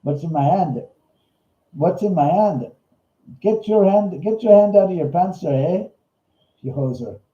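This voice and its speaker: A man doing a silly stoner Canadian ghost investigator with a put-on Canadian accent, tossing in "eh" and calling people hosers. The voice is dark and mellow, a bit higher than usual for a man. It comes through as slightly dull, roomy livestream audio. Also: unhurried, pauses often. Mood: joking. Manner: jokey, ends lines with "eh", calls people hosers.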